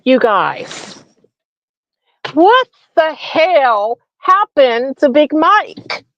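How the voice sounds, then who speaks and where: A woman's voice: sits high, big pitch swings, drawn-out words, a bit bright, dry recording. A woman hosting a comedic political rant, mocking and profane, firing off rhetorical questions. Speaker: host. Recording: dull lo-fi recording.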